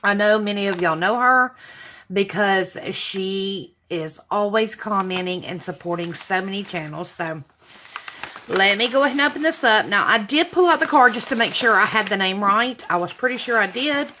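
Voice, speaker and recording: A woman's voice: medium pitch, normal speed, pushed and bright, a little hiss or hum. A woman, hosting her channel and chatting to viewers as she opens gifts, gushing and sentimental with frequent exclamations. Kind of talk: casual unboxing chat to viewers.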